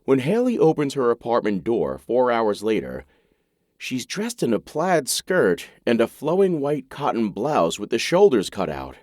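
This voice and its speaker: A man's voice: huge pitch swings, measured pace, darkish tone, dry recording, studio quality. A man narrating a romance audiobook in the first person, wry and intimate in manner. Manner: wry, intimate, low-key.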